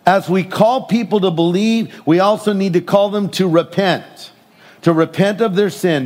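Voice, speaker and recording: A middle-aged man preaching a sermon in an animated way, acting out voices as he tells stories and jokes. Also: high-pitched. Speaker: pastor.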